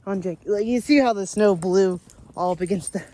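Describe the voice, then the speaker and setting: A chatty woman talks into a handheld camera as she trudges through a snowstorm. Her voice sits at an ordinary middle pitch, broken up by frequent laughs, with faint outdoor noise behind her. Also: a little fast, mellow. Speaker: daily vlogger. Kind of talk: casual vlog chat while walking outdoors. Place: outdoors in deep snow during a snowstorm.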